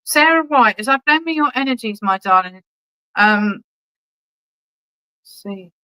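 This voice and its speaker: A woman's voice: mid-range voice, animated, measured pace, sharp tone, low-quality recording. A woman working as a medium, giving chatty, reassuring clairvoyant readings at an online church service and calling people darling. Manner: chatty and reassuring, keeps checking in with "okay?"; affectionate, calls people darling. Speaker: spiritualist medium.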